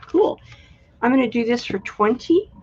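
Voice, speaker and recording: Slow-talking woman hosting a craft sale. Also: mid-range voice, fairly even intonation, muffled recording. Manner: chatty, unhurried, admiring. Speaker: live sale host. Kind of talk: live-stream sales chat.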